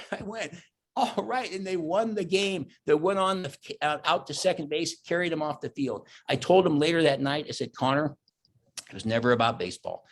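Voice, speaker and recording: A middle-aged man giving a motivational keynote, telling personal stories earnestly and growing animated at the high points. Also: moderate pace. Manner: earnest storytelling, animated when reliving moments. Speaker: keynote speaker.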